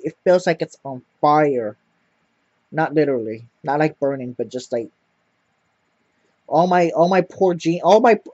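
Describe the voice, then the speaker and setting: A man's voice: on the high side, a little mellow, no echo. Guy rambling into his camera, swears a lot, repeats himself, dull lo-fi sound. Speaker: vlogger. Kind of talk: casual personal story.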